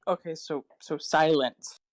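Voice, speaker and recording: A woman's voice: low-pitched, steady tone, measured pace, dry recording, low-quality recording. A woman playing a tabletop game, speaking in a hesitant, playful way. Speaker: player. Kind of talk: tabletop role-play.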